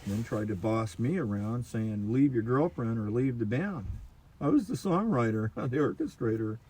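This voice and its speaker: Casual storytelling man, mid pitch, rambling and animated, heard distant in a very echoey room with faint noise. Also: moderate pace. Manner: rambling, animated, swings between loud and soft. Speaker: guitar player giving advice.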